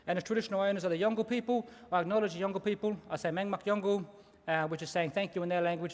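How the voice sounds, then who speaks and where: Lively high-voiced Australian man in a hall. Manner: lively, engaging, asks the audience to repeat words. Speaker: Aboriginal elder giving a welcome to country. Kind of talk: ceremonial welcome speech with storytelling. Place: large ceremony hall. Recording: long hall reverb.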